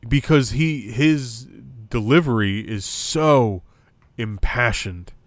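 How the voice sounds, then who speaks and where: Talking slowly in a mid-range voice, a young man co-hosts a wrestling review podcast. The chat is casual and rambling, full of fillers and restarts, and the recording is dry.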